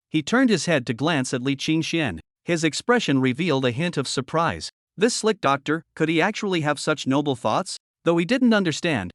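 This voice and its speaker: A man narrating a recap story in a scripted, dramatic and expressive way. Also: fairly high pitch, no echo, studio quality.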